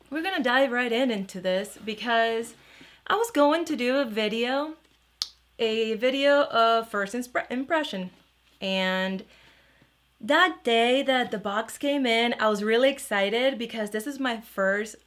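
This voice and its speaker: Slow-talking chatty woman vlogger. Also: a little high, expressive, a bit bright. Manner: chatty, rambling with frequent restarts and "you know". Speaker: beauty vlogger. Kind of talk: casual product review vlog.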